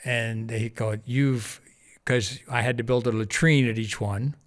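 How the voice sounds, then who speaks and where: A man being interviewed on a podcast, telling a lively anecdote and acting out the other people's lines with frequent laughter. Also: medium pitch, measured pace. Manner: animated anecdote-telling, acting out quoted voices, laughs often. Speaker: podcast guest, charity founder. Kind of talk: casual storytelling interview.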